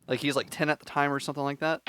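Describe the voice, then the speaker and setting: A man's voice: on the high side, level tone, rapid-fire, a bit bright, slight background noise. A man hosting a podcast, casually recapping an episode in a rambling way with filler words and swearing. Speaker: podcast host.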